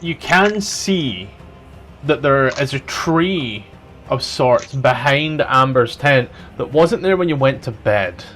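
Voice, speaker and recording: A man's voice: mid-range voice, animated, slow pace, a bit bright, faint music behind. A man running a tabletop game as dungeon master, talking casually and swearing freely as he checks rolls.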